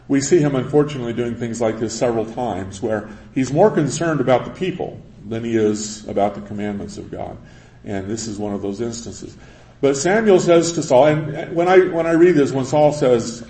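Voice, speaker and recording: A man preaching a sermon in a mellow, warm voice. He retells scripture and gives lively voice to the quotes. The room around him is echoey. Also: mid-range voice. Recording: roomy echo.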